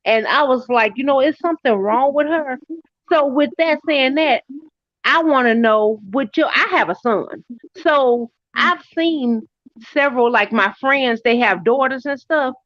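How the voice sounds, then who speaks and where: Middle-aged woman, co-host, animated storyteller, slightly high voice, dry muffled audio. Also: measured pace, no room sound. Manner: animated storyteller, pitch jumps when quoting people. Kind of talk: casual chat, storytelling.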